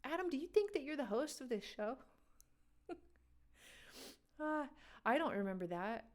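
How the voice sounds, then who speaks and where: High and sing-song with a darkish tone, this woman's voice moves at a measured pace. She hosts a live music quiz game, talking to chat in a chatty, casual way and laughing frequently.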